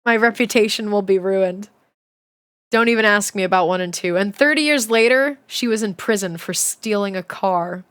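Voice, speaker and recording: A woman's voice: medium pitch, normal speed, a bit bright, clear, resonant tone. A young woman streamer reading a children's book aloud, chatty and giggly, breaking off to comment and swear casually. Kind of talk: casual livestream reading and chat.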